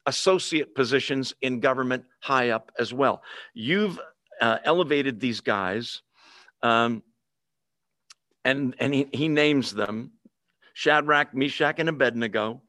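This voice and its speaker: A man's voice: medium pitch, fairly bright tone, no room sound. Man teaching a Bible passage, dry sound. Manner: conversational, checks in with listeners.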